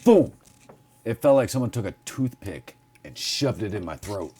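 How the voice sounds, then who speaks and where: Lively, profane man telling a story. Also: fairly low pitch, normal speed, slightly rough. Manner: animated, profane anecdote teller. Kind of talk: casual storytelling chat.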